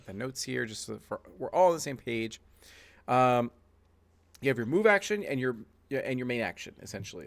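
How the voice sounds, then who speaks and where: A man's voice: medium pitch, creaky. A man narrating as game master of a tabletop game, loose and chatty with many fillers.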